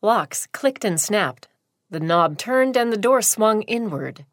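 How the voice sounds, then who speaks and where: A woman narrating a short story in a slow, deliberate reading. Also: mid-range voice, lively intonation, no echo, studio quality.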